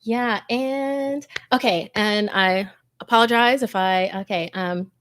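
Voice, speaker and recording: A woman hosting a scary story channel, chatting casually and effusively with her viewers in a warm, emotional way full of fillers. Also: mid-range voice, slow. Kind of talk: casual livestream chat with viewer shout-outs.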